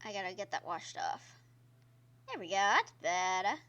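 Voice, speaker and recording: A woman's voice: medium pitch, very animated, moderate pace, fairly bright tone, lo-fi sound. A woman streamer giving casual gameplay commentary, chatty and exclaiming at the game while talking to her viewers. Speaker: gaming streamer. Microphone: own microphone.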